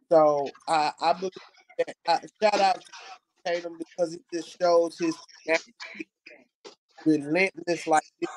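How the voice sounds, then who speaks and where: A man hosting a casual film discussion, animated and repeating phrases for emphasis. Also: a little high, rough recording. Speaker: podcast host.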